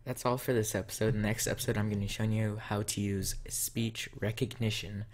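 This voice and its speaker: A man's voice: lowish voice, little pitch movement, a little fast. A man hosting a casual coding tutorial, talking step by step while he types. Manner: talks step by step while typing. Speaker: tutorial host.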